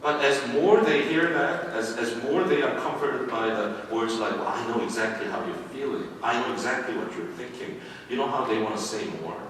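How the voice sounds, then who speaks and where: A man preaching a sermon as pastor, animated and repeating his words, sometimes acting out voices. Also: mid-range voice, normal speed, hardly any pauses, slight background noise. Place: church sanctuary. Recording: echoey hall from a distance.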